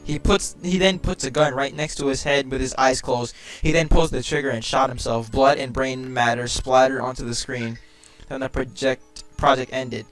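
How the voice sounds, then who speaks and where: A man's voice: medium pitch, fairly even intonation, normal speed, a bit bright, faint music behind. A young man reading a creepypasta aloud with friends, mocking it sarcastically and cracking crude jokes.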